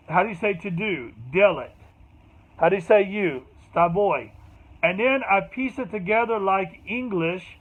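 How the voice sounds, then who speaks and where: A man explaining how he learns languages in a casual, rambling way that loops back on itself. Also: high-pitched. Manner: rambling, repeats himself, loose and conversational. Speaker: language teacher. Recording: tinny phone-like sound.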